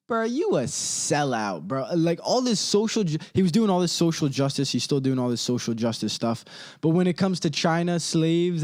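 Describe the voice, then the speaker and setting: Dude ranting on his comedy podcast, slangy and rambling, gets loud then mutters low. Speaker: podcast host. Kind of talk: casual comedic rant.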